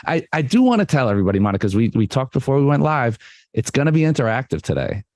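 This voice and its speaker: A man's voice: mid-range voice, very animated, racing, a little mellow, dry recording, studio quality. A man hosting a live online photography talk, playful and joking with his guest. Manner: playful, jokey, puts on a radio voice. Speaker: event host.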